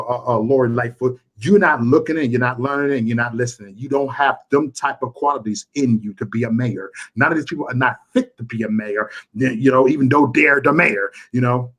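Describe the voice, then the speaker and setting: A man from Chicago on a live stream, ranting and repeating himself with stammers, swinging from loud outbursts to quiet, upset muttering. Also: medium pitch, a little fast, few pauses. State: frustrated and upset. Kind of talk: emotional live-stream rant.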